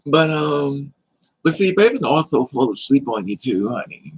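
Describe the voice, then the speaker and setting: A woman's voice: rumbling low, big pitch swings, moderate pace, slightly rough, low-quality recording. A middle-aged woman chatting casually to her livestream viewers, sassy and emphatic, repeating her lines and calling people honey. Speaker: livestream host.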